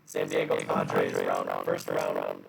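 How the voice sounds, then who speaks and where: A man's voice: extremely low pitch, completely flat delivery, takes it slowly, gravelly, very noisy. A man in a casual live stream, joking and rambling about his picks over an online call. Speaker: league member and co-host.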